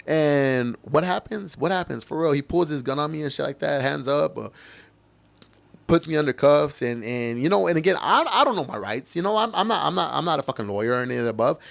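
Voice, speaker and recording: This podcast host's voice sits a little high, sounding gravelly yet slightly bright, and he talks a little fast with lively intonation. His heated, emotional monologue about his own experiences is full of cursing and repetition.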